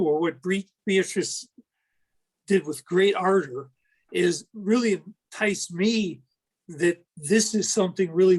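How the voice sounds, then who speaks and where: A man who works as an educator speaks in a slow, earnest way, drawing out his phrases. His voice is somewhat high for a man and a bit husky. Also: low-quality recording. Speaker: educator guest. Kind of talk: casual panel discussion.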